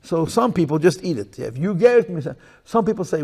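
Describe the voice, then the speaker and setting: Rabbi guy lecturing a room, gravelly fry in his voice, kinda high for a man, keeps repeating himself for emphasis. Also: very animated, normal speed. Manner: emphatic, repeats phrases, swings from loud to hushed. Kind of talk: lecture to a live audience. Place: room with listeners.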